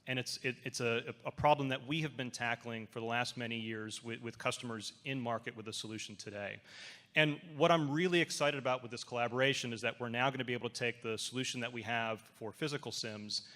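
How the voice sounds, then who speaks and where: A man pitches his company's product to a conference audience with an enthusiastic, salesy delivery. His voice is mid-pitched and bright, pushing forward. A long reverb from the big hall hangs behind every phrase. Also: fairly even intonation, quick pace. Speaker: partner company presenter. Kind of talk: conference presentation.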